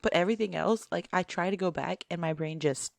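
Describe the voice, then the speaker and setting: A young woman co-hosts a casual podcast chat with a gravelly, fry-tinged voice. She giggles her way through stories. The recording is close and dry, with no room sound. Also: lowish voice, fairly quick, dry recording. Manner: giggly, laughs often while telling stories. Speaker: podcast co-host.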